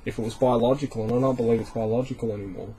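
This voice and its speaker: Fast-talking man, faint background hiss. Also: mid-range voice, steady tone, mellow, poor audio. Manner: earnest, reasoning aloud, swears for emphasis. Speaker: support group member. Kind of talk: casual group discussion.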